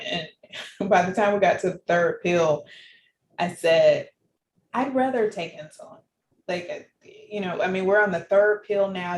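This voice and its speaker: A woman guest in an interview, telling her personal story in an animated way and laughing often. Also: fairly low pitch. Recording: echoey room with faint background noise.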